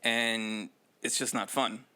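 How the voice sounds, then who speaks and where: A man's voice: mid-range voice, steady tone, slow, sharp tone, smooth. A man co-hosting a casual podcast, giving loose, profane, jokey advice. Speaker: podcast co-host.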